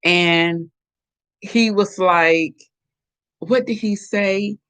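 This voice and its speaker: A middle-aged woman hosting a casual live chat, animated and chatty as she reacts to viewer comments. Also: mid-range voice, very slow, clean tone. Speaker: host.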